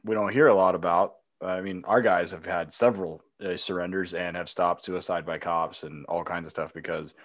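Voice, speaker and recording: A man hosting a podcast, a police dog handler himself, chatting in a relaxed way and laughing easily. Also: low-pitched, normal speed, hardly any pauses, no echo. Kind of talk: casual chat.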